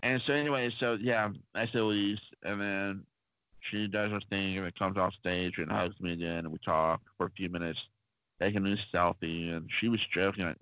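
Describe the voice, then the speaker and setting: A man with a lowish voice tells long, wandering stories on a casual podcast, filling pauses with plenty of ums and uhs. The sound is dull and lo-fi, close and dry with no room around it. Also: fairly even intonation, smooth, no echo. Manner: rambling, chatty, many fillers. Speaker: podcast co-host.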